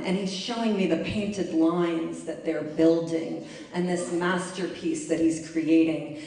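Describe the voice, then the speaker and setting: Woman storyteller with a lowish voice and a wry, self-mocking live delivery; very echoey room, distant mic. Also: a little mellow. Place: library event space.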